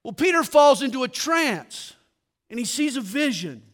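A man preaching a sermon, telling stories with humor and dropping low and quiet for his punchlines. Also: normal speed. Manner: animated storytelling, drops to quiet for punchlines.

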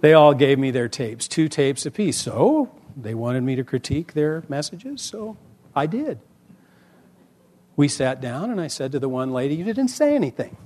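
Animated middle-aged pastor teaching preachers. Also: male voice, medium pitch, normal speed. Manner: conversational, animated storyteller with lively vocal swings.

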